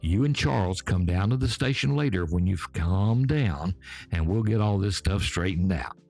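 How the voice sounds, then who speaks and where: A man's voice: deep voice, normal speed, creaky, faint music behind, heavily acted. An old Southern man as a patient small-town cop. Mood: calm. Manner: calm, courteous and steady. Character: patient small-town male police officer.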